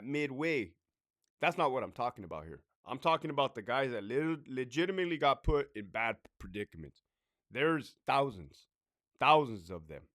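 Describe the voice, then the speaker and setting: A man's voice: mid-range voice, fairly bright tone, no room sound, studio quality. A man and former prison officer who hosts his own channel, talking casually and bluntly, swearing often and tagging his points with "right?". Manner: blunt, profane, conversational, with frequent "right?" asides. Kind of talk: casual talk to camera.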